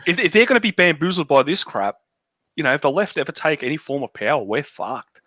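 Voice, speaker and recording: A man's voice: on the high side, lively intonation, fairly quick, bright, forceful tone, dry recording. An Australian man hosting a casual political chat, blunt and profane, ranting in a dull lo-fi recording. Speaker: podcast host.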